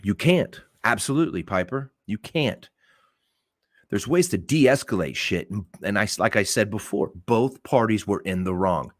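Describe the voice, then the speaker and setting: A man's voice: fairly low pitch, expressive, normal speed, no room sound, studio quality. A man, a police officer, giving his blunt, emphatic opinions on a podcast, swearing and repeating points for stress.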